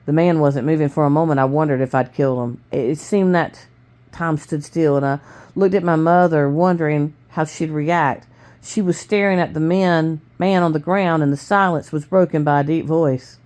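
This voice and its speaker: A woman reading a novel aloud, steady with small stumbles. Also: deep voice, normal speed. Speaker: reader.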